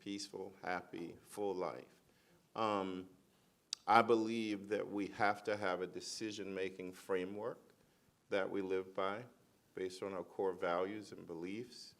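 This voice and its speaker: A man on a panel giving reflective advice in a measured way, repeating key lines for emphasis. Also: deep voice, flat delivery, creaky, fairly bright tone.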